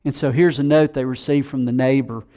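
A man preaching a sermon, animated, who acts out the voices of scoffers he quotes. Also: medium pitch, fairly quick, highs cut off. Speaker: pastor.

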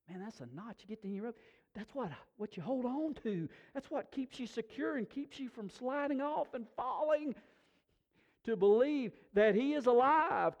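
Folksy preacher man, slightly high voice. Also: muffled recording. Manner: folksy, animated storytelling with frequent restarts. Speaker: pastor. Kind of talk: sermon.

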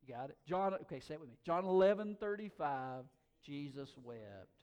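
Middle-aged male pastor, slightly higher voice, casual emphatic sermon with stumbling repeats. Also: animated, normal speed, darkish tone, clean tone. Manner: conversational, emphatic, with stammered repeats.

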